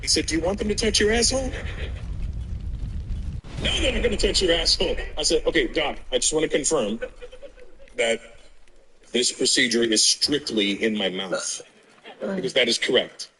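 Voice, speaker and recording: A man's voice: fairly high pitch, animated, moderate pace, pauses often, bright, forceful tone, slight background noise, poor audio. A man doing a stand-up comedy set in front of a live audience, telling a brash, profane story full of acted-out dialogue.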